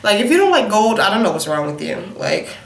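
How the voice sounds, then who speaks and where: Talking quickly and very animatedly in a mid-range voice, a young woman beauty vlogger does a casual, sassy makeup review. She's sniffly from a cold, calls her viewers "honey" and "y'all," and the sound is roomy.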